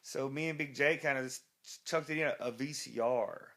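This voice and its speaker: A man's voice: mid-range voice, normal speed, gravelly, fairly bright tone. A man, a rock musician being interviewed, telling a rambling, profane anecdote full of restarts. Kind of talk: casual storytelling interview.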